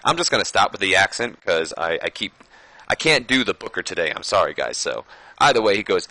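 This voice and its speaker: A man chats his way through a game, reading out results and ratings with a self-mocking edge. His voice is bright and forceful and sits on the low side. It is recorded close and dry, with no room sound. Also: lively intonation, a little fast, dry recording. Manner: chatty, self-mocking, reads out match results. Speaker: let's-play commentator. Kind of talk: casual game commentary.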